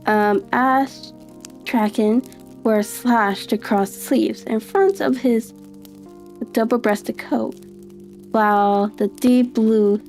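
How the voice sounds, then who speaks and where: Woman reading an old detective story out loud, mellow voice, faint music behind. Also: on the high side. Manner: unhurried reading with frequent restarts and fillers. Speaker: narrator reading aloud.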